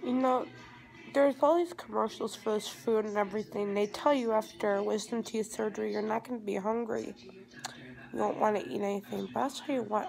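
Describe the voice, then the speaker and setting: A groggy teenage girl vlogs from home after surgery, rambling into a phone at arm's length. Her medium-pitched voice has vocal fry and a darkish tone, and she talks at a normal speed. It's a low-quality recording.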